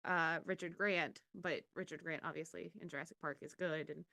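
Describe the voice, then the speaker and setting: Woman teacher, podcast co-host, bright forward tone, rambling and giggly, dry mic. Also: deep voice, steady tone, normal speed, creaky, no room sound. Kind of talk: casual chat.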